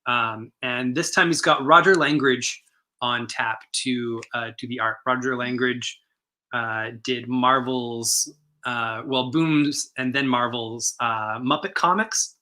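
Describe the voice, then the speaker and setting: An enthusiastic man co-hosting a comic shop stream, his voice very bright and tense. He rambles cheerfully, stacking fillers and restarts as he talks up new releases. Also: medium pitch, slow. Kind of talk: casual chat.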